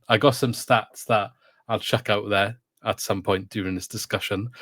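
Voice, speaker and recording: A man's voice: low voice, a bit bright, dry recording, clean studio sound. A man hosting a casual podcast over a video call, chatty and steering the talk with questions. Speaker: podcast host.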